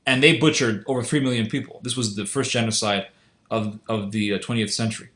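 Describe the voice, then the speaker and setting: This online video commentator speaks in a lowish, steady, fairly bright voice, a little fast, with reverberation around him. His off-the-cuff monologue is earnest and insistent, with lots of repeated and restarted phrases.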